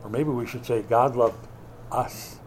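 A man preaching a sermon as pastor, swinging between loud emphatic bursts and quiet asides, with a wry, joking touch. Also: medium pitch, steady tone, a little slow, slight background noise. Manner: wry, joking delivery with mock quotes.

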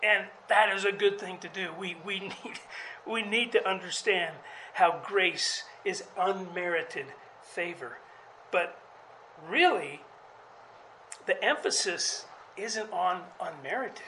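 An earnest preacher walks through a Bible passage, explaining it for the congregation. The voice sits in a middle pitch, and a faint hum of background noise runs underneath. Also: slow pace, bright, forceful tone, rough recording. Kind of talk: sermon.

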